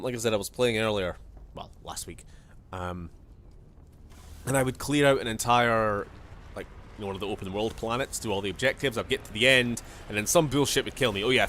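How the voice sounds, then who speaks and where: A man's voice: fairly low pitch, fairly bright tone, a little hiss or hum. A man with a Scottish accent, streaming a video game with rambling, jokey casual commentary. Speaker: gaming streamer.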